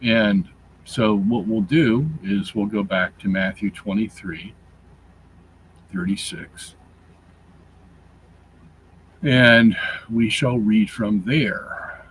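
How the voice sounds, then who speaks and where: Slow, low-voiced man explaining scripture. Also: fairly bright tone, a little hiss or hum, poor audio. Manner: deliberate and explanatory, with fillers and repetition. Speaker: show host reading his Bible commentary. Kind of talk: explaining scripture and Greek grammar.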